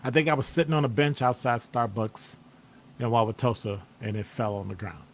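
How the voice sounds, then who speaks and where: A man's voice: medium pitch, brisk, a little hiss or hum. A man, hosting a casual motivational live stream and acting out people's reactions with playful exclamations. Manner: animated, acts out quoted reactions with playful exclamations. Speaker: host. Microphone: streaming setup microphone.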